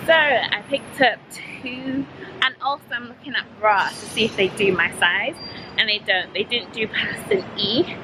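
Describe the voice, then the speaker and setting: A young woman from Yorkshire with a Yorkshire accent tells a shopping story in a casual vlog, blunt and animated, acting out both sides of the exchange. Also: medium pitch, noisy background. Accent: Yorkshire English. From Yorkshire, England. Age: young adult. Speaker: vlogger.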